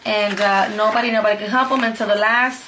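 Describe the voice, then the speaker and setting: A homeschool mom vlogs cheerfully about her favorite picture books in a casual review, chatty and upbeat and repeatedly calling things "super cute." Her mid-range voice is steady, quick, pushed, and bright, with slight background noise.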